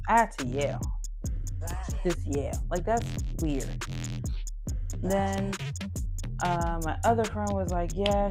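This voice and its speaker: A woman, telling a blunt, profane storytime rant about a falling-out with a friend. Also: fairly low pitch. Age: 20s. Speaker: vlogger. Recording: music playing loudly behind.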